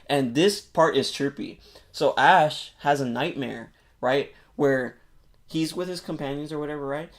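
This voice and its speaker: A man on a podcast excitedly retelling a movie plot in casual, rambling chat, full of filler words and swearing. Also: on the high side, a little slow. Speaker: podcast co-host.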